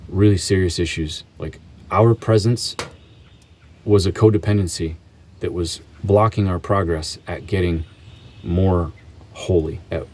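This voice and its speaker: A man vlogging an earnest faith testimony, halting often and restarting his sentences. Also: low voice, a little mellow, a little hiss or hum.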